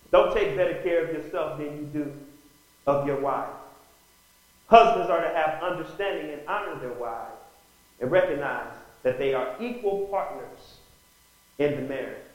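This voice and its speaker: A man preaching a sermon, his voice pitched high for a man and rising into bursts of emphasis. He calls out "Amen?" to the congregation, and his words ring around a very echoey room. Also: a little slow, long pauses, highs cut off. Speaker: pastor.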